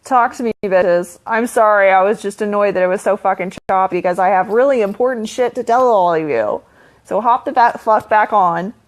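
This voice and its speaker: A young woman talks straight to her livestream viewers, loose and chatty, wandering through her thoughts with plenty of fillers. She swears freely and casually, like she's catching up with friends. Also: medium pitch. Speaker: online business coach.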